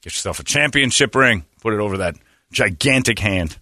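A middle-aged man hosting a casual comedic chat, telling stories with loud high-pitched impressions of other people. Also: lively intonation, brisk, dry recording, studio quality. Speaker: podcast host.

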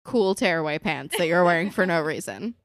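Brief: young woman, lowish voice, blunt sweary recap host, dry sound. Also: animated, a little fast, dry recording. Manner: blunt and profane, slips into exasperated character voices. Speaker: podcast co-host. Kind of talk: casual TV recap chat.

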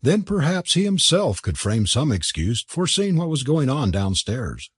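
A man narrating an audiobook in a measured storytelling manner. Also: mid-range voice, sing-song, husky, no room sound, clean studio sound.

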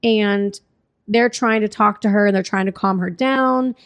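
Animated woman recapping a film. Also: medium pitch, a little slow. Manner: animated storytelling, swears freely, acts out quotes. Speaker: podcast co-host recapping a film. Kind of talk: casual chat.

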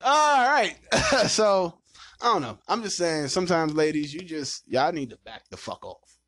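A man hosting a casual podcast, ranting loudly and swearing as he vents about dating. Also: a little high, sing-song, measured pace, no echo. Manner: loud, profane and ranting. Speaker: podcast host.

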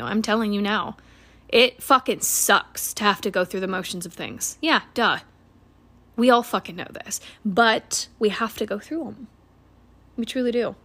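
A woman's voice: mid-range voice, fairly bright tone. Swearing woman podcaster giving a pep talk. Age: 20s. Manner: blunt, swears freely, earnest pep talk. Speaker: podcast host. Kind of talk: casual motivational monologue.

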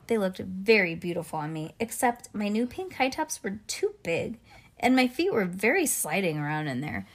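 Lady reading a children's chapter book out loud, lively expressive storytelling. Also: medium pitch, normal speed, husky. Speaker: reader.

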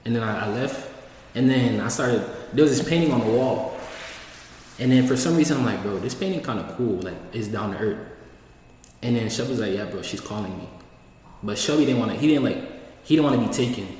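A man's voice: medium pitch, expressive, brisk, a little mellow. A young man telling a rambling story in casual slang, acting out what people said. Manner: slangy, rambling, acts out quoted lines. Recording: echoey room, distant mic, faint hiss.

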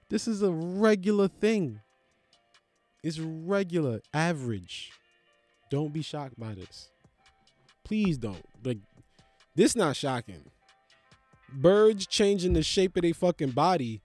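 A man on a comedic monologue, swearing freely and sounding incredulous as he rants. His voice sits somewhat high for a man and keeps jumping up in pitch. The sound is dry and close, with faint music underneath. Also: no room sound. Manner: profane, animated, incredulous.

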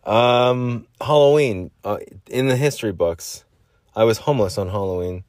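A man's voice: medium pitch, normal speed, darkish tone, no echo, clean studio sound. A man hosting a solo podcast, rambling through stories and acting out little voices as he goes. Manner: rambling, acts out voices and whispers mid-story. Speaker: podcast host.

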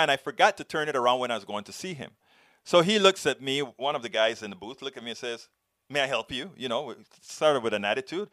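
A man with a foreign accent hosting a show, telling a story in earnest, halting commentary. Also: mid-range voice, fairly bright tone, no echo, clean studio sound. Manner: earnest, halting, many restarts. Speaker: show host answering viewer questions.

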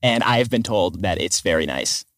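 A man's voice: sits low, normal speed, no room sound, clean studio sound. A young man chatting casually on a podcast, laughing as he tells his story. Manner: animated, laughs while talking. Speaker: podcast guest.

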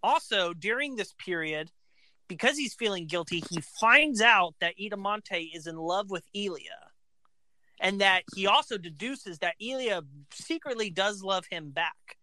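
A woman casually retelling an opera plot, animated and acting out the characters' lines. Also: medium pitch, unhurried, no room sound.

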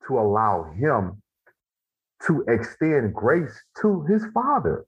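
A man guest and author telling his story in earnest, casual conversation, slowing down to stress his points. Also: medium pitch, wildly swooping pitch, slightly rough. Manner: earnest storytelling, slows for emphasis. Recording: phone-like narrow band.

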